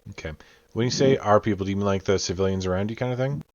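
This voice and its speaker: Man, game master, low-ish voice, loose narration with fillers, dull lo-fi sound. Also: racing, dry recording. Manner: describes scenes at length, with frequent fillers. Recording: dull lo-fi audio.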